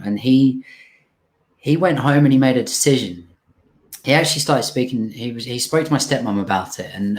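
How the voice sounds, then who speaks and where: A young man speaks as a guest, relating his personal story. His voice sits somewhat low, and he is plainly emotional, halting and restarting as he talks. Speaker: interview guest.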